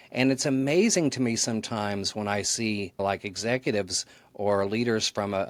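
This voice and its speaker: A man with a fairly low voice, recorded dry, appears as a guest on a podcast. He's a marketing author explaining his ideas in an earnest, thoughtful way during a conversational interview.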